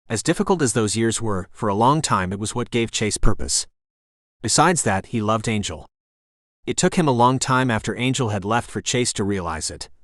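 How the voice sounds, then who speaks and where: Low-voiced male audiobook narrator. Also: fairly bright tone, no echo, studio quality. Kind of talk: scripted narration.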